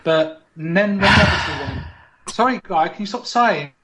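A man's voice: high-pitched, lively intonation, moderate pace, a crowd in the background, low-quality recording. A man hosting a podcast, running a mock game show with teasing, playful patter like a quiz commentator. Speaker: podcast host.

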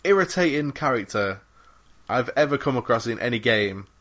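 A man's voice: medium pitch, expressive, moderate pace, fairly bright tone. A man co-hosting a gaming podcast in a casual, rambling, enthusiastic chat with plenty of fillers and swearing. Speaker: podcast co-host.

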